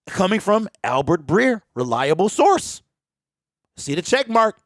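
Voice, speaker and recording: This solo sports take comes from a man whose voice sits high and moves a little slowly; he's opinionated, fired up and preachy, slinging casual slang right at viewers. Recorded at home on a desk mic prone to pops, it sounds dry and studio-grade.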